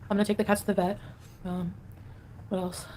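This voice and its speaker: A woman's voice: mid-range voice, little pitch movement, brisk, mellow, slight background noise. A woman livestreaming in a casual, rambling way, reading viewer comments aloud and answering them.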